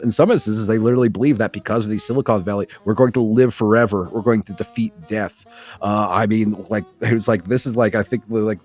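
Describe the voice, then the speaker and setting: Low-voiced man talking haltingly. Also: a little mellow. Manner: halting, full of fillers and restarts. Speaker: podcast guest. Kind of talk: casual podcast talk.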